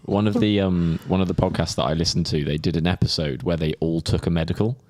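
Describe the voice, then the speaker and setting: Fast-talking low man. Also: fairly even intonation, darkish tone. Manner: quick, chatty storytelling. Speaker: podcast co-host. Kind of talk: casual chat.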